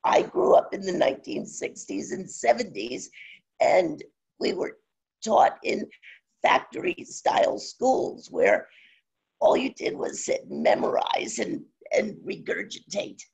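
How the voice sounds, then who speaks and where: An older instructor in their sixties presents a webinar in a gravelly, badly husky voice that breaks and strains. The delivery is slow and halting, with frequent pauses and fillers. The audio is dull and lo-fi. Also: mid-range voice, huge pitch swings, darkish tone. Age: 60s. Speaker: online instructor.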